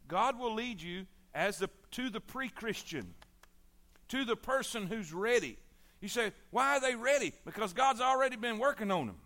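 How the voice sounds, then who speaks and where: A middle-aged man with a drawl delivers an emphatic sermon. His voice sits high and sounds bright and forceful, and it swings between ringing exhortation and low, hushed appeals. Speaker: preacher.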